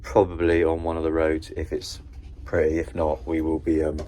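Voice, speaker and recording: A man chatting casually as he vlogs a fishing trip, joking around in a relaxed way. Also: rumbling low, moderate pace. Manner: chatty, jokey, laid-back. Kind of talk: casual vlog chat. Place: outdoors and in a car. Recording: lo-fi with noise.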